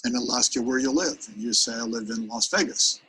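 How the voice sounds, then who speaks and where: A man's voice: mid-range voice, brisk, pushed and bright, breathy edge, low-quality recording. A man giving a live seminar on presentation skills, talking energetically and straight to his audience. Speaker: sales presentation trainer.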